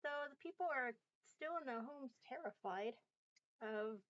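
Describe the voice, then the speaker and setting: A woman's voice: on the high side, lively intonation, moderate pace, a bit bright, dry recording, lo-fi sound. A woman running a tabletop game as game master, hesitant with many fillers and restarts.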